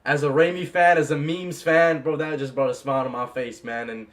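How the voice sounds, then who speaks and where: Gushing young man, excited movie reaction. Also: a little high, a little fast. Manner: gushing, repeats "bro" and "man", bursts into yells.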